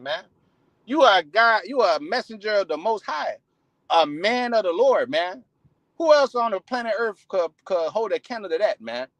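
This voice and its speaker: A male street preacher with a high, fairly bright voice delivers a casual sermon full of profanity. He is heated, swears often and keeps restarting his sentences. The audio is poor and dry, with no echo.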